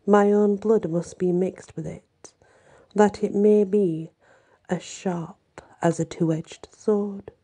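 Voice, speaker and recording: A woman's voice: mid-range voice, fairly even intonation, takes it slowly, dark tone, husky, voice pushed up. A woman voicing a scheming old sea witch, menacing and partly whispered.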